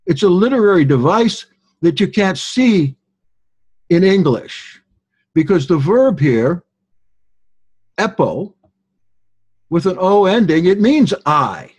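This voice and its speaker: Slow, husky-voiced man teaching Bible study. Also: high voice, very animated, darkish tone. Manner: deliberate, explanatory, stressing key words.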